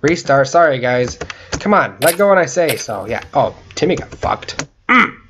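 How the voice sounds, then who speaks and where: Excitable young man whooping over a game. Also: medium pitch, moderate pace, a little hiss or hum. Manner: excitable, yelps and whoops, swears often. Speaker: gaming channel host. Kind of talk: casual gaming commentary.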